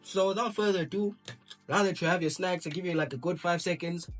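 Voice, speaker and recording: A man's voice: high voice, a little fast, soft background music. A young man casually reacting to a video, rambling in slang and talking to his chat. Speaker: reaction streamer.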